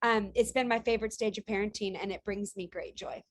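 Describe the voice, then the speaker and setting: A woman in her forties, a guest on a radio interview, telling lively family stories with frequent laughter. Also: medium pitch, a little fast. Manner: animated storyteller, laughs often. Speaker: singer and guest.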